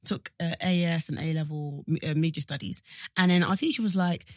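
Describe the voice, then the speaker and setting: A woman's voice: deep voice, a little fast, no room sound, clean studio sound. A young woman, co-hosting a podcast in casual chat, telling jokey stories and apologizing often. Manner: lively, apologetic, jokey storyteller. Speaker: podcast co-host.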